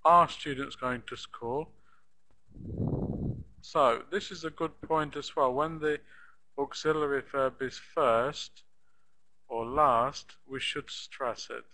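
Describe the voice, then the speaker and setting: A man teaching an online English class, explaining grammar and stress slowly and patiently, repeating model phrases for his students. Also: medium pitch, fairly even intonation, pushed and bright, low-quality recording.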